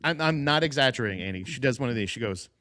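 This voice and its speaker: A male podcast co-host rants in loose, profane chat, getting louder and more animated as he goes. His voice sits at a typical male pitch, and he breaks into laughs often. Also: fast.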